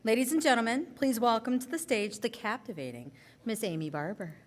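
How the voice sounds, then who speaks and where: A woman's voice: on the high side, expressive, a little fast. A woman emcee giving a formal stage introduction at a banquet. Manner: formal, announcing.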